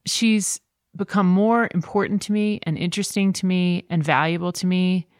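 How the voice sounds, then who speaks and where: A middle-aged woman talking candidly in a podcast conversation, telling stories with lively quoted voices. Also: fairly low pitch, moderate pace, clear, resonant tone, no echo, clean studio sound.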